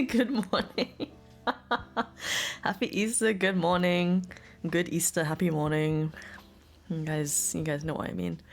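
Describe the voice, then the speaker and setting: A woman's voice: low voice, little pitch movement, normal speed, creaky. A young woman, a live streamer, chatting casually and giggling often with her chat from home. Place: home room.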